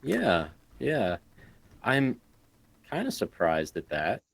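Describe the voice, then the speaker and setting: A man's voice: medium pitch, wildly swooping pitch, takes it slowly, vocal fry. A man co-hosting a podcast in easygoing, agreeable casual chat. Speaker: podcast co-host.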